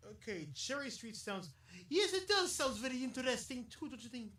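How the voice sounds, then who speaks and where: A man's voice: extremely high pitch, sing-song, measured pace, pauses often, bright, forceful tone, slight background noise. A man hosting a rambling solo podcast, chatty and jokey, laughing often and drifting into silly asides while reading out local history. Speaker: podcast host. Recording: echoey room, distant mic.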